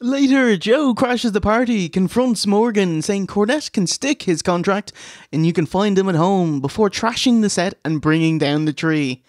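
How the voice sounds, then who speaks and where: A man co-hosting a casual review show, reading out match recaps with deadpan jokes. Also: sits high, moderate pace, few pauses, dry recording. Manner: reads play-by-play recaps with dry jokes.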